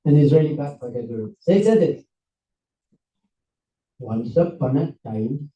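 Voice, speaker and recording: A man, a rabbi, giving an animated storytelling talk to a seminar audience, acting out characters as he goes. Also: fairly high pitch, reverberant, recorded from a distance, low-quality recording. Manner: animated, acts out characters with voices and laughs. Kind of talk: lively storytelling lecture.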